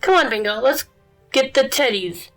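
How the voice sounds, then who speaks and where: A woman reading aloud and voicing a bossy, cheeky little girl puppy in a bright, bouncy way. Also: sits high, lively intonation, moderate pace, soft background music, voice pushed up.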